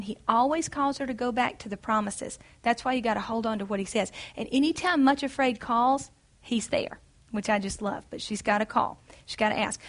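Woman, Bible study teacher, earnest and encouraging, fairly high voice. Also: brisk.

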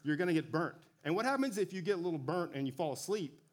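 A man giving a relaxed sermon, talking conversationally with frequent self-corrections and joking asides. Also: a little high, fast. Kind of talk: casual sermon.

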